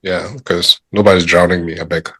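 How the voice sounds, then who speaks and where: A man from Africa co-hosting a podcast, joking around in an animated way and often saying "I beg.". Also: sits low, normal speed, husky, dry recording. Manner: jokey, animated, repeats "I beg". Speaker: podcast co-host. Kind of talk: casual podcast chat.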